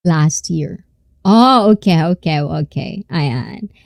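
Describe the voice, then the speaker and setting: A woman's voice: deep voice, big pitch swings, slow, gravelly, darkish tone, no echo, clean studio sound. A woman in her thirties with a Filipino accent, hosting a casual live stream, giggling often and mixing Tagalog with English as she reads the chat. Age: 30s.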